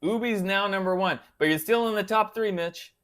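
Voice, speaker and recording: A man's voice: high voice, normal speed, fairly bright tone. A man hosting a casual livestream, chatting loosely and answering viewers by name. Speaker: guitar channel host reading live chat.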